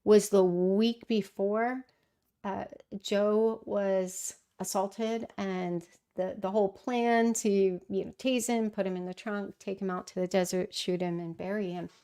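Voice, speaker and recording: A woman's voice: medium pitch, fairly even intonation, measured pace, warm tone, clean tone. A middle-aged woman hosting a casual livestream, answering viewer questions in a thoughtful way with frequent fillers and restarts. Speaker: livestream host.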